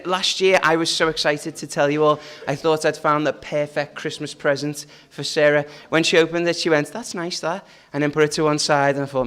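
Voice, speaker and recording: A man's voice: a little high, fairly bright tone. A man leading a family church service, talking in a chatty, joking way and asking the children questions. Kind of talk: informal family service talk.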